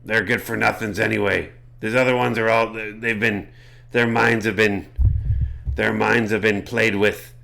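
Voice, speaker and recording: A man's voice: lowish voice, level tone, measured pace, creaky, bright, forceful tone, full character voice. A man voicing a cat-like creature who talks with a pirate accent. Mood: dismissive.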